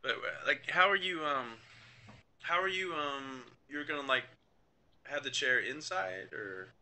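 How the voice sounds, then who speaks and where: A man, running a tabletop game as game master in a halting, casual way full of fillers. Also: fairly high pitch, animated, bright, forceful tone.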